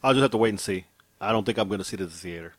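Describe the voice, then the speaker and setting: A man's voice: lowish voice, racing, dry recording. A man co-hosting a casual podcast, joking and teasing his partner. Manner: joking, teasing, hyped interjections. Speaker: podcast co-host. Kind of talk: casual chat.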